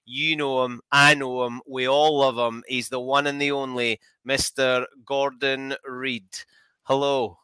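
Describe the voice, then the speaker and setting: A man's voice: medium pitch, little pitch movement, a little slow, bright, forceful tone, clear, resonant tone, no room sound, poor audio. A man hosting a podcast in casual chat, upbeat and teasing. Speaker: podcast host.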